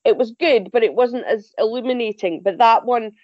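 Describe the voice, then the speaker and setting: A woman's voice: fairly high pitch, moderate pace, dry recording, muffled recording. A woman contributing to a podcast chat, talking enthusiastically about TV shows. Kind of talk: casual chat.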